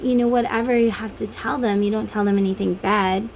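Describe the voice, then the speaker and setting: A woman's voice: medium pitch, fairly even intonation, a little fast, few pauses, darkish tone, a little hiss or hum, rough recording. A woman who reads tarot, talking casually to viewers and guiding them through an inner-child meditation, with chatty tangents. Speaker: tarot reader.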